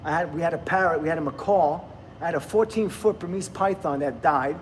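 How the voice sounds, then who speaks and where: A man's voice: a little high, brisk, a little hiss or hum. Chatty New man livestreaming. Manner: chatty, laughs often, reads viewer comments aloud. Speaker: livestream host. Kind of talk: casual livestream chat with viewers.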